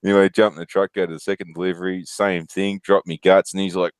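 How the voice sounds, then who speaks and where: A man's voice: low voice, little pitch movement, quick pace, few pauses, smooth, dry recording. A man in his thirties with an Australian accent, telling profane, laughing stories on a casual stream. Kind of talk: casual storytelling.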